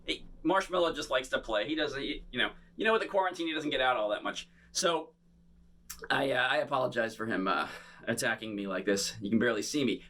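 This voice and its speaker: A man performing a bubble show for children, talking to them in playful, animated patter. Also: mid-range voice, a little fast. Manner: animated, playful, talks straight to kids.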